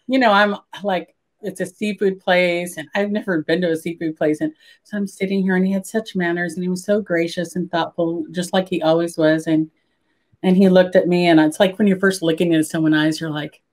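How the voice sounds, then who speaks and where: A woman's voice: fairly low pitch, darkish tone. An older woman, a podcast guest, telling a story animatedly and acting out her own past words. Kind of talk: casual storytelling in an interview.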